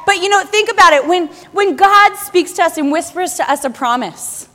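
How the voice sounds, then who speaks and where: A woman preaching a sermon to a congregation, animated and laughing often as she acts out little scenes. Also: very high-pitched, normal speed, few pauses. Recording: long hall reverb.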